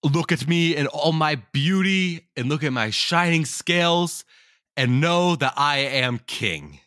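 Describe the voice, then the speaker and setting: Brief: boastful dragon king, booming and slow, pitched up, a man doing the voice. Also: expressive, pushed and bright, no echo, studio quality, full character voice. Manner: slow and grand.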